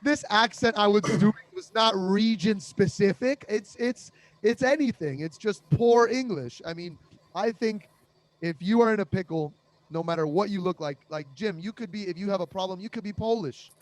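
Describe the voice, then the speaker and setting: A young man doing a conversational comic monologue, deadpan and absurd, with lots of fillers, over a video call. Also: high voice, moderate pace. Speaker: comedian. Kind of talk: stand-up style comic monologue.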